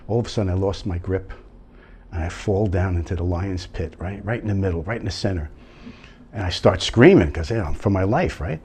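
A man's voice: low-pitched, expressive, fairly quick, darkish tone, slightly rough. A man telling a long joke as a rambling story, full of fillers and tag questions.

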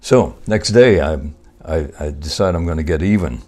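A man telling jokes and funny stories in a husky voice, laughing at his own punchlines. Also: low-pitched, normal speed, dark tone.

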